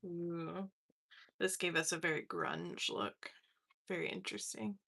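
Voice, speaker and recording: A woman hosting a casual craft livestream, talking through her printing as she works, relaxed and thinking aloud. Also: fairly low pitch, unhurried, vocal fry. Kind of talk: casual craft demo chat.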